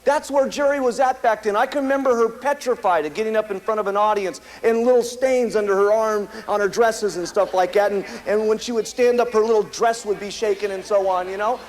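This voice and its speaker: A man's voice: high voice, steady tone, fairly quick, few pauses, darkish tone, poor audio. An American man giving an emphatic, repetitive motivational speech to a live audience at a company meeting, telling stories. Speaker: company founder speaking at a meeting.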